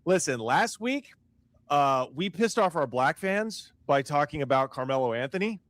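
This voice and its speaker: A man's voice: fairly high pitch, animated, normal speed, fairly bright tone, no echo. A man co-hosting a comedic podcast, ranting in an exaggerated, mocking way. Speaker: podcast co-host.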